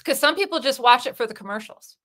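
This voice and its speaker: A woman's voice: high-pitched, lively intonation, fast, a bit bright. An American woman in a casual, playful chat, asking lots of curious questions over a video call. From United States.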